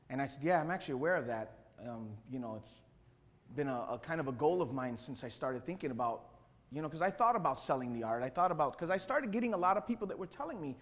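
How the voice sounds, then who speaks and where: On stage in a big-sounding room, a Chicago man with a Chicago accent tells his life story, acting out the voices of the people in it. His mid-range voice moves fairly quickly, and he says "you know" often.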